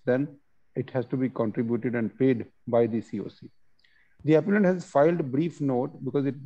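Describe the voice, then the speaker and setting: A man presenting a webinar on court judgments, reading case text and explaining it with many pauses and fillers over a video call. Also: medium pitch, mellow, highs cut off.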